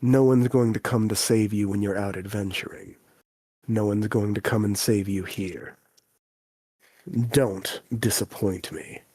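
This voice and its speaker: Guy doing a cold elf king dad, deadpan and disdainful, low and quiet, dry close mic. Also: measured pace, husky, no echo. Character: cold elven king, a stern disdainful father.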